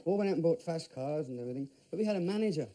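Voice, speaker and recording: A man's voice: fairly high pitch, lively intonation, very fast, dark tone. A man, a veteran rock singer talking candidly in a documentary interview. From Birmingham, England. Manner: rambling, candid, lists things off.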